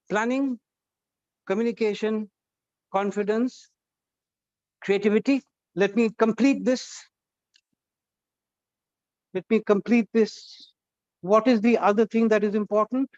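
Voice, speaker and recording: A guest trainer with a high voice leads a lively, interactive college workshop, coaxing shy students to speak up and asking the class questions. The recording is dry and a little muffled.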